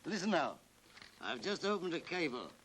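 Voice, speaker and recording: A man's voice: a little high, big pitch swings, normal speed, fairly bright tone, poor audio. An actor playing a confidential, folksy man passing on a share tip in a 1930s film. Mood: confiding. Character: confiding city tipster on the phone, middle-aged. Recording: faintly hissy 1930s film soundtrack.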